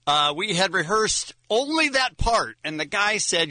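A man's voice: sits high, sing-song, a little slow, sharp tone, no echo. A man co-hosting a morning radio show, talking easily and joking at his own expense. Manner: self-deprecating, easygoing. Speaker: radio co-host. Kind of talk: casual radio banter.

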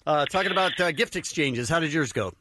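A man hosting a call-in radio show, brisk and teasing with callers. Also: on the high side, expressive, background noise.

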